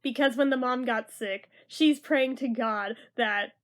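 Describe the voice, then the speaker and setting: A woman's voice: fairly high pitch, measured pace. A young woman giving a casual, sarcastic movie review, chatty and prone to swearing and mock-dramatic outbursts.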